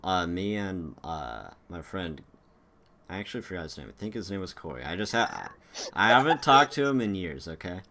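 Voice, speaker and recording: A man's voice: sits low, sing-song, moderate pace, pushed and bright, slight background noise. A young man hosting a casual chat, telling stories in a rambling way with lots of fillers and restarts. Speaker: podcast host.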